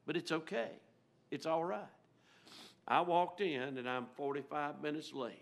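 A man preaching a storytelling sermon in a church, folksy and emotional, rising loud and dropping to a near-hush. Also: fairly high pitch, measured pace, vocal fry. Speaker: guest preacher. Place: church sanctuary.

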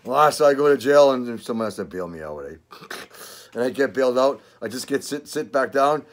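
An older man with a Canadian accent chats casually in a vlog, rambling, swearing, and laughing a lot. His voice is medium-pitched with lively intonation, and he speaks at normal speed.

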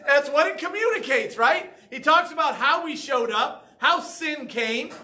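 A man's voice: very high voice, sharp tone. A man preaching a sermon as pastor, talking conversationally and often checking in with "right?" and "okay?". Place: church sanctuary.

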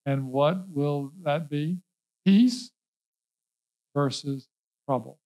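A man's voice: on the high side, measured pace, darkish tone, rough recording. A male pastor preaching a sermon, emphatic and folksy, repeating key words and mixing in casual asides. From Norfolk, Virginia.

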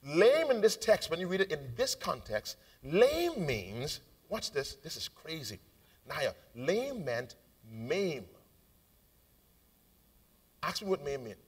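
A man with a Bahamian accent preaching a live sermon in a church auditorium. He is fervent and calls out to the congregation, moving between shouted lines, sung phrases and quiet asides. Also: fairly high pitch, wildly swooping pitch, slow, long pauses, distant mic. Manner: call-and-response with the congregation. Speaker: bishop preaching. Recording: live church recording, voice off-mic.

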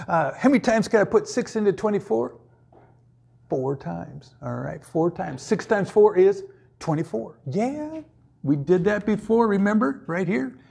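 Husky, high-voiced goofy math teacher. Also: male voice, expressive, normal speed, darkish tone. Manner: goofy, jokey, sings and puts on silly voices. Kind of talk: playful math lesson.

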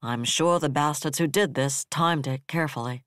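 A man voicing a bitter, level-headed male defense director who speaks flatly and harshly. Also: fairly high pitch, normal speed, no room sound, clean studio sound, close to an everyday voice.

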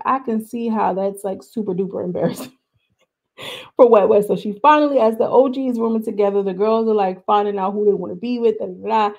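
A woman giving casual, slangy commentary as she recaps a reality show episode, full of animated asides. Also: medium pitch, vocal fry.

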